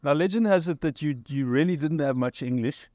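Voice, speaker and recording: Host: wry South African man, mock-serious questions, slightly high voice, dry sound. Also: brisk, mellow, dry recording. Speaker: host, comedian. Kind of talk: comic interviewing.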